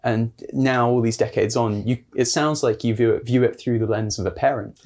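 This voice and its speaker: A man's voice: medium pitch, fairly even intonation, moderate pace, darkish tone. Engaged male podcast host. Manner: engaged, reflective follow-up questions. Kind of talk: podcast interview.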